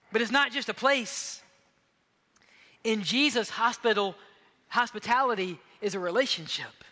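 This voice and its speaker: A man preaching from a pulpit with a high, bright, ringing voice. He moves between forceful emphatic lines and soft, hushed ones, and his words trail off into the long reverb of a big church hall. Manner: impassioned, swinging between loud emphatic bursts and hushed intimate passages. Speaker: pastor. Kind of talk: sermon. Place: church sanctuary.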